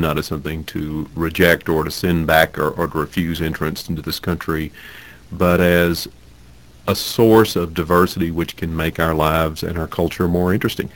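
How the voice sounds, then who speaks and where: Man, very deep voice, interviewer, measured reflective questions.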